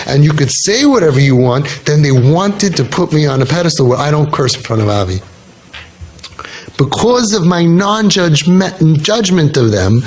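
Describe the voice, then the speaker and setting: Middle-aged man telling stories with emphasis. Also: on the high side. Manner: animated storytelling, repeats lines for emphasis. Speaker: speaker on parenting and youth work. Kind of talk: casual spoken talk.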